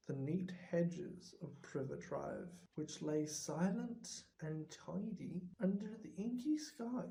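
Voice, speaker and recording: An audiobook reader narrating a story at an unhurried pace. The tone is mellow and dark, and the phrasing is expressive and deliberate. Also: medium pitch, creaky, rough recording. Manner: slow and expressive.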